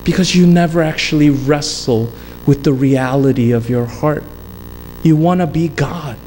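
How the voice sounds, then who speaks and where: A man's voice: fairly high pitch, moderate pace, darkish tone. A male pastor preaching a sermon, emphatic and repetitive, slipping into casual storytelling asides. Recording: long hall reverb with faint background noise.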